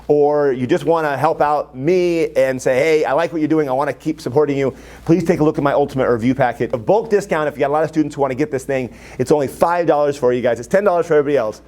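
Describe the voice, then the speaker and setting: A man teaching economics to a high school class in an energetic, enthusiastic, joking way.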